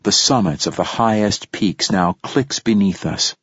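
A man narrating a story in the first person, in a steady, measured way. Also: on the low side, slightly rough, no echo. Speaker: audiobook narrator. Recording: dull lo-fi dry recording.

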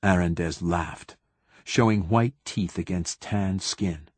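Low, husky male audiobook narrator. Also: slow pace, no room sound. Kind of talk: scripted narration.

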